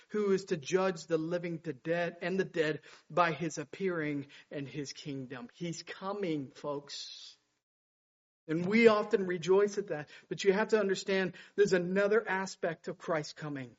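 A man's voice: fairly high pitch, lo-fi sound. A male pastor preaching a sermon, rising to urgent, emphatic passages. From United States.

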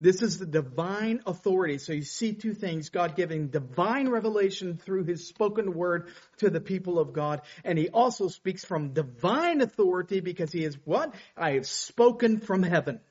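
A man's voice: high voice, lively intonation, normal speed, few pauses, a little mellow, breathy edge, muffled recording. A man preaching a sermon, explaining scripture and reading Bible quotes with rising intensity.

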